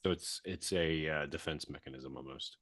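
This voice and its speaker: A man with a very low voice, from the American South, conducts an interview in a dry, close-sounding recording. He is curious and chatty, laughing easily and reshaping his questions as he goes. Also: animated, moderate pace, vocal fry, a bit bright, dry recording. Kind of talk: casual interview chat.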